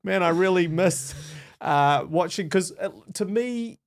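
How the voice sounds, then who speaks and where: A man co-hosting a podcast in casual chat, animated and quick to laugh, often restarting his sentences. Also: sits high. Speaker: podcast co-host.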